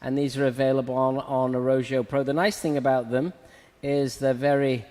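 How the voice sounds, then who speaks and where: A man's voice: medium pitch, fairly even intonation, fairly quick, dark tone, in a large hall. A man hosting a live show, chatting casually and talking through a razor haircut as he works. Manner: chatty, laughs often, talks through a razor cut. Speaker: host and hair educator. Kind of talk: casual live-stream chat and haircut demo.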